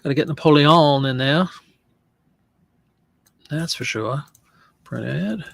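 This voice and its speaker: A man's voice: fairly high pitch, slow pace, creaky, a bit bright. A man casually talking through an online listing session, joking and fumbling over French pronunciation. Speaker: online reseller listing print ads.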